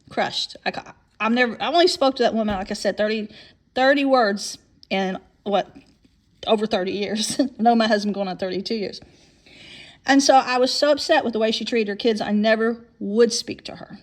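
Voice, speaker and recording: A woman's voice: mid-range voice, fairly quick. Rambling woman in her fifties. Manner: rambling, repeats and restarts words. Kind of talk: personal story monologue.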